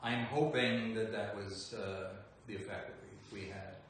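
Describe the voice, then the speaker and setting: Low-voiced man, echoey room, far mic. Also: normal speed. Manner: relaxed, joking, playful. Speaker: voice actor answering fan questions. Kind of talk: casual livestream chat. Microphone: phone some distance away. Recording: echoey room, voice from far off, faint background noise.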